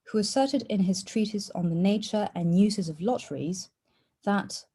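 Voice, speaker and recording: A woman presenting a formal academic paper at an online conference, in a measured way with an occasional "uh". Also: mid-range voice, warm tone, breathy edge. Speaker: conference speaker. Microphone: online conference call.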